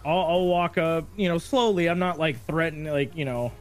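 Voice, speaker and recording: A man playing a tabletop role-playing game, describing his character's moves in a relaxed, hedging way. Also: on the high side, normal speed. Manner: laid-back, hedging with "you know". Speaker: player. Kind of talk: casual tabletop play.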